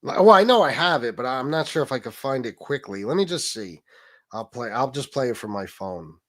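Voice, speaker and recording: A man's voice: medium pitch, expressive, a little fast. A man hosting a casual livestream, telling a story crudely and mocking someone with frequent laughter. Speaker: livestream host.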